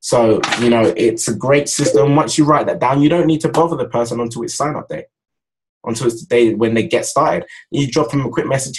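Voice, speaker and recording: Husky man coaching sales. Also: medium pitch, a little fast, rough recording. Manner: energetic, repetitive, speaks straight to viewers as "guys". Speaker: network marketing trainer. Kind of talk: casual motivational training talk.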